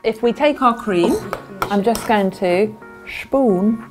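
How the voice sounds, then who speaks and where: A woman's voice: mid-range voice, slow pace, music in the background. A woman, hosting a casual baking chat, talking through the steps with a lot of laughing. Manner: chatty, laughs often, gives cooking steps. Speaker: host.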